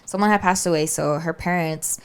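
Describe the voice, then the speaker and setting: A woman's voice: fairly low pitch, steady tone, a little fast, clean tone. A woman podcast co-host casually telling a spooky story, chatty and always checking in with "right?" and "like.". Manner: chatty, keeps saying "right?" and "like".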